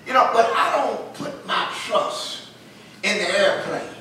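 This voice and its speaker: High, bright preacher in echoing church. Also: male voice, animated, slow pace. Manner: preaching with call-and-response and rising shouts. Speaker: pastor. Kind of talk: sermon. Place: church sanctuary. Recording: roomy echo, mic at a distance.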